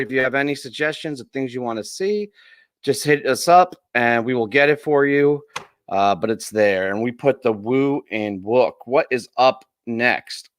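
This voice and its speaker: A man's voice: mid-range voice, unhurried, no echo. A man hosting a casual web show, plugging merchandise. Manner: casual, promotional. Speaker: show host. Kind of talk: casual show host chat.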